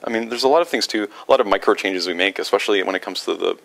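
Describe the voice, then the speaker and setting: A man's voice: lowish voice, very fast, vocal fry, fairly bright tone, low-quality recording. A man answering viewer questions on a livestream in a casual, rambling way, with many fillers and restarts.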